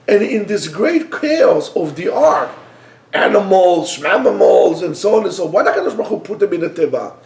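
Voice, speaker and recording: A middle-aged man gives an informal Torah lesson as a joking, animated storyteller. His voice sits high, swings widely, and has a gravelly edge. The room adds a noticeable echo. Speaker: rabbi teacher.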